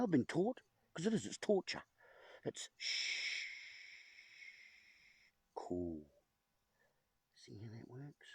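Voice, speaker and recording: A man delivers a playful, wandering wordplay monologue to a camera set up before him at home, whiteboard nearby, addressing his audience as "folks." His voice sits mid-range, dark and a bit rough, with no room sound.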